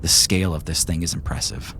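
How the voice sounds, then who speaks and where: A man with a low, deep voice narrates a tabletop game as game master, calm and descriptive. Faint hiss runs underneath the recording. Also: fairly quick.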